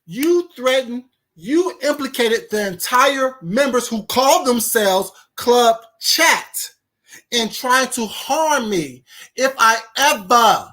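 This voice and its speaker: A woman's voice: a little high, a bit bright. A woman hosting a live stream, indignantly firing rhetorical questions at her viewers and a caller. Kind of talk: heated live-stream rant.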